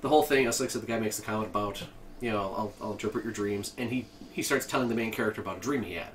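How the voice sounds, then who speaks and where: Speaking very fast in a lowish voice, a man co-hosting a casual podcast rambles through a retelling of a movie scene, restarting his sentences many times. The mic is distant, with faint ambient noise in the background.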